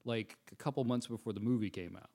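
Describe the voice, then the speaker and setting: A man telling a personal anecdote in a relaxed way on a casual podcast. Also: fairly low pitch, fast talker. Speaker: podcast co-host. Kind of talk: casual storytelling.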